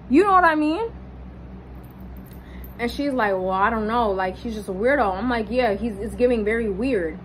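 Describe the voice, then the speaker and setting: A young woman casually telling a personal story, animated and swearing, jumping up high when she quotes people. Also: normal speed, slight background noise, low-quality recording. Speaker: vlogger.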